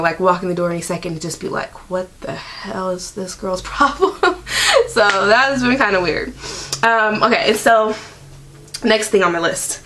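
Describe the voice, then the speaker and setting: A woman's voice: medium pitch, a bit bright. A young woman in her twenties talks to her camera at home in a loose, rambling vlog style. She leans heavily on "like" and "um" as she goes. A faint background hum sits under her voice. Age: 20s. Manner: chatty, rambling, lots of "like" and "um". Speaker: vlogger. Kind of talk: casual chat.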